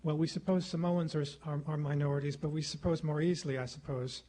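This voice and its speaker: Delivering a formal talk at a lecture hall's podium mic, the middle-aged guest lecturer stays measured and rhetorical, returning to phrases for effect. He has a fairly high pitch, rather even intonation, and a dark tone.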